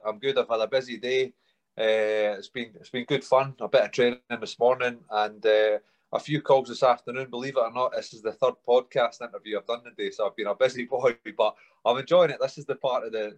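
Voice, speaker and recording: A man's voice: mid-range voice, fairly even intonation, fairly quick, dull audio. A man in his thirties with a Scottish accent from the Stirling area, a guest in a casual interview, upbeat and easygoing. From Scotland. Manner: upbeat, easygoing, says aye. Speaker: guest, rugby player.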